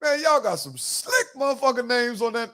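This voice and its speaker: A man's voice: very high voice, big pitch swings, normal speed, pushed and bright. A man hosting a podcast in a casual chat, telling loose, profane stories and acting out quotes. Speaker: podcast host.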